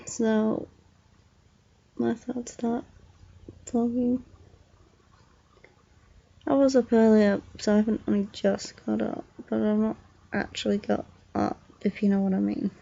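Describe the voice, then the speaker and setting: A woman's voice: on the high side, level tone, measured pace, vocal fry, pauses often, muffled recording. Sleepy young woman vlogging from bed. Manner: drowsy, meandering, soft-spoken. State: sleepy, yawning. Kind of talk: casual vlog chat. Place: bedroom, lying in bed.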